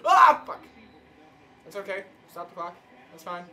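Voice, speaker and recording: Young man, gamer, swears and shouts at the screen, bright voice, animated pitch. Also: measured pace. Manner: loud, swearing outbursts at the game. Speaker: gamer co-host. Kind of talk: casual gameplay banter.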